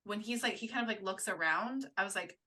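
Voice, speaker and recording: Bright-voiced woman musing casually. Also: mid-range voice, a little fast. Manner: frequent agreeing backchannels, musing opinions. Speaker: podcast co-host. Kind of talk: casual chat.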